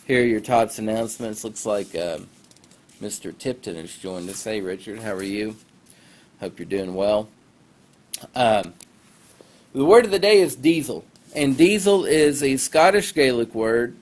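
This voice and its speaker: A man's voice: lowish voice, animated, a little slow, darkish tone. A male teacher casually giving class announcements over a phone livestream, rambling and poking fun at himself. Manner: chatty, rambling, self-deprecating asides.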